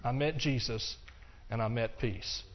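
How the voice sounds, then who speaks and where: An older man giving a personal testimony sermon, earnest and repetitive, dropping to hushed stretches and rising into passionate bursts. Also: medium pitch, unhurried. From Texas. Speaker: preacher. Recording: dull lo-fi recording.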